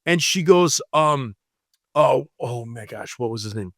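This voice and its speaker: A man's voice: mid-range voice, animated, unhurried, fairly bright tone, no room sound, studio quality. A man, a police officer, casually telling a rambling story on a podcast and acting out the people in it. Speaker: podcast co-host.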